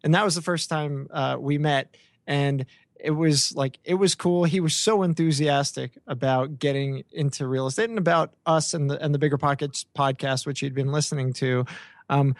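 A man hosts a podcast interview in a loose, joking way, ribbing his guest as he talks. His voice sits a little high, and he often trips over his words and restarts. The recording is close and dry, with no room sound. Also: normal speed, dry recording. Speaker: podcast host. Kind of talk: casual interview chat.

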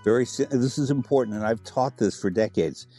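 A man's voice: mid-range voice, fairly quick, dark tone, soft background music. A middle-aged man, a food expert guest in a radio interview, who talks animatedly, relishes words and spells out the names of dishes. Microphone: studio microphone.

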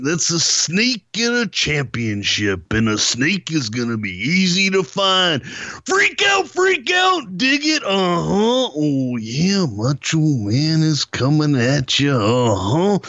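A man impersonating a wild male pro wrestler, shouting a hyped-up promo in a raspy voice. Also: fairly high pitch, big pitch swings, no echo, heavily acted. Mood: manic hype. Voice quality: gravelly, shouting, drawn-out. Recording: dry muffled lo-fi recording.

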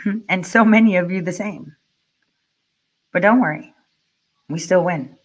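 A woman's voice: lowish voice, unhurried. A woman ranting angrily in profane reaction commentary, firing rhetorical questions at her viewers. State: furious.

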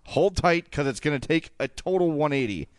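A man co-hosting a sports podcast, chatting casually and ranting with animated jokey asides. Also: fairly high pitch, moderate pace, no room sound. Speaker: podcast co-host.

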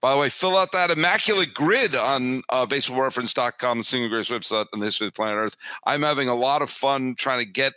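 Bright-voiced man, animated sports chatter. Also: mid-range voice, fast, few pauses, no echo, clean studio sound. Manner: animated, repeats words as he builds a point. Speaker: podcast guest. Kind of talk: casual sports podcast chat.

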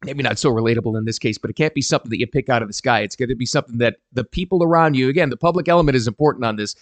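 A middle-aged man giving casual advice to camera, animated and emphatic. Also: mid-range voice, very fast, no room sound. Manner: animated and emphatic, quoting people in voices. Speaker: parenting advice vlogger.

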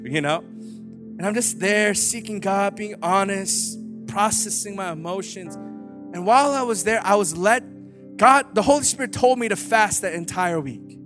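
A man's voice: sits high, a little slow, music in the background. A man giving a candid, humorous sermon testimony, telling his story with frequent filler words. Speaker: preacher.

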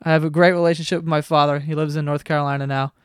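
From his basement bedroom at home, a twenty-something podcast host talks solo, rambling, swearing casually and mocking himself. His slightly high voice is smooth and level in tone but delivered very fast. The podcast mic gives a dry, clean studio sound.

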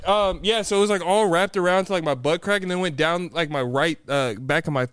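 A man's voice: sits high, a little fast, fairly bright tone, clean tone, dry recording, studio quality. A young man co-hosting a podcast, rambling in casual chat and poking fun at himself. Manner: laid-back, rambling, self-mocking. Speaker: podcast co-host.

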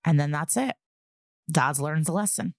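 A woman's voice: sits low, normal speed, no room sound, clean studio sound. A woman co-hosting a podcast, casually and profanely recapping a TV episode. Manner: chatty, profane, animated retelling. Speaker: podcast co-host.

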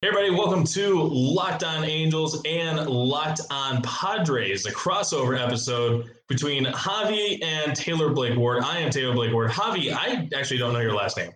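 A man's voice: a little high, normal speed, hardly any pauses. Chatty man in a roomy room. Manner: relaxed, chatty, joking. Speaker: podcast co-host. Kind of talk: casual sports podcast chat. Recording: roomy sound with faint noise.

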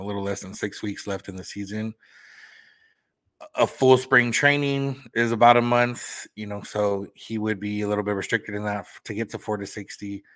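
A man co-hosting a sports podcast, thinking out loud in casual analysis and hedging with "you know". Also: lowish voice. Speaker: podcast co-host.

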